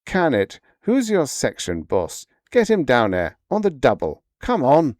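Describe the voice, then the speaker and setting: A tense, impatient pilot who barks orders and answers sarcastically, as a male narrator plays him. The voice rises and falls widely, slow and dry, close to the mic. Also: medium pitch, huge pitch swings, a little mellow, dry recording, voice pushed up. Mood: barking. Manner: barking, sarcastic.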